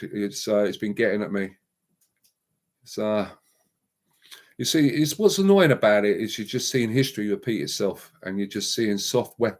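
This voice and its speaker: A man's voice: fairly low pitch, measured pace, pauses often. Heated man ranting on a live stream. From England. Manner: heated, repetitive, emphatic outbursts.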